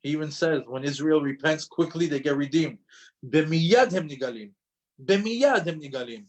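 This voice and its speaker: A man teaching a religious class, speaking in an emphatic, lively way and often repeating his phrases for emphasis. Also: a little high, normal speed, low-quality recording. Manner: storytelling with acted quotes. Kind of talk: lecture to an audience.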